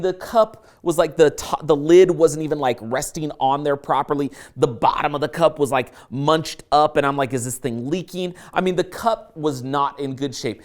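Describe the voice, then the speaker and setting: An animated man telling a story to teach a course lesson. His delivery is playful, and he acts out his own reactions along the way. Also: on the high side. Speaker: course instructor.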